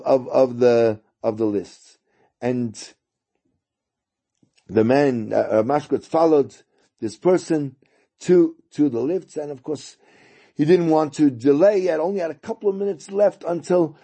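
A man telling a story during a lesson, halting and repeating words as he goes. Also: a little high, warm tone, breathy edge. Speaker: teacher.

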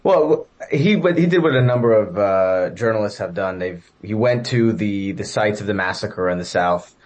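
A man speaking as an educator and interview guest, answering in measured, structured points with frequent uh and um. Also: on the low side, lively intonation, a little mellow. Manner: measured, many fillers.

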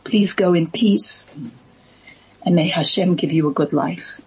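A woman telling of a calm wise old rabbi. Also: sits high, measured pace, vocal fry, husky, dull audio, exaggerated voice. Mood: gentle.

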